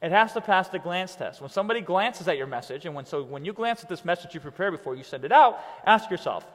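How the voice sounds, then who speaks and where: Guy coaching a class, high lively voice, keeps saying "right?", echoey hall sound. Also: quick pace. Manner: animated, conversational, keeps asking "right?". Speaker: online business coach. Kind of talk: coaching lesson.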